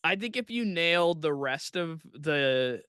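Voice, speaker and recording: Giggly, bright-voiced male comedian. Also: fairly high pitch, animated, unhurried, clean tone, no echo, studio quality. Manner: giggly, laughs often mid-sentence. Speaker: comedian and podcast co-host. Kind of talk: casual chat.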